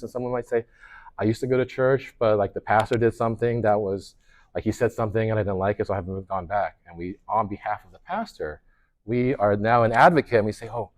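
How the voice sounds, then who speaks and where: A man, a pastor, leading a workshop in a conversational way, telling stories with lots of restarts and fillers. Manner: animated storyteller, lively pitch swings, many restarts and fillers.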